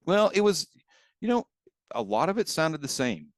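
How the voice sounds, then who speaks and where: A man's voice: a little high, big pitch swings, moderate pace, dry recording. A man co-hosting a podcast, rambling through casual stories and laughing as he tells them, on a video call. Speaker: podcast co-host. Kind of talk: casual chat.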